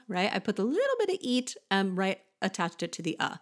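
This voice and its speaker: A woman's voice: mid-range voice, wildly swooping pitch, brisk, hardly any pauses, soft background music. A woman hosting a podcast singing lesson, explaining vowels patiently and breaking into short sung examples. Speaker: voice teacher and podcast host.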